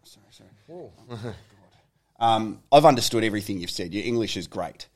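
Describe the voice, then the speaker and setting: A man's voice: on the low side, animated, normal speed, a little mellow. A man with an Australian accent hosting a casual podcast interview, friendly and encouraging. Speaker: podcast host.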